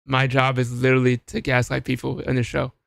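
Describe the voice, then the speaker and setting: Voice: mid-range voice, monotone, fast talker, gravelly, no room sound. A host running a live game show, dry and teasing while calling the turns.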